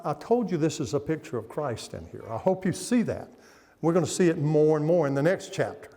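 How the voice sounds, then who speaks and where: This middle-aged man's voice is a little high and a little mellow as he preaches a revival sermon as guest preacher in a church sanctuary. He spins the story in a folksy way and questions the congregation, all echoing with long hall reverb.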